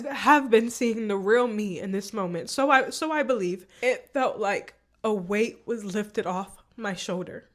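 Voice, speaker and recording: A woman vlogger telling a personal story in a candid, emotional way, often repeating herself. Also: fairly high pitch.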